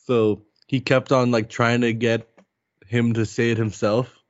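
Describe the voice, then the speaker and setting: A man's voice: mid-range voice, flat delivery, measured pace, no echo. A young man co-hosting a casual podcast chat, upbeat and bro-ish, steering the segments. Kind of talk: casual chat recapping a reality show. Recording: dry, slightly dull lo-fi audio.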